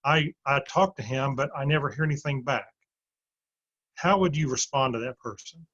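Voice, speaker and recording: A man's voice: medium pitch, normal speed, fairly bright tone, husky, lo-fi sound. A male host asking a guest a direct, friendly question in a conversation.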